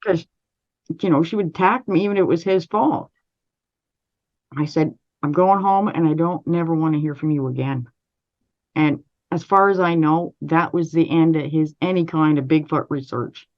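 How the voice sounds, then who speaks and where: A Canadian woman, an interview guest, recounting a personal story in a measured, steady way with frequent restarts. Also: sits low, dull audio.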